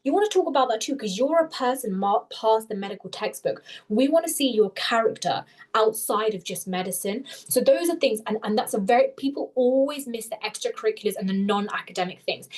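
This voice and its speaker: A young woman tutors interview skills in a live webinar over a video call, talking fast and explaining things animatedly while correcting herself. Her voice sits on the high side.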